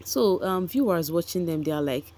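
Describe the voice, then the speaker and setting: Chatty woman with a mellow voice. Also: fairly low pitch, expressive, normal speed. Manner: chatty, gossipy, with asides to viewers. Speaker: reality show commentator. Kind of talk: casual commentary vlog.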